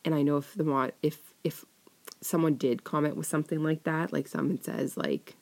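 A young woman chatting casually as an audio creator answering listener questions, often dropping into a soft whisper and giggling. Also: low-pitched, steady tone, moderate pace, gravelly. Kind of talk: casual Q&A chat.

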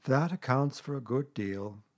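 A man voicing a gloomy old gray male donkey in a storybook reading, speaking slowly and mournfully in a husky voice. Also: mid-range voice, animated, no echo, clean studio sound. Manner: slow, sad, mournful.

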